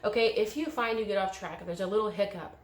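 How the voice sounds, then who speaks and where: A woman's voice: mid-range voice, fast, roomy sound. A woman giving an emotional pick-a-card tarot reading, coaching viewers through a guided visualization. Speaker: tarot reader.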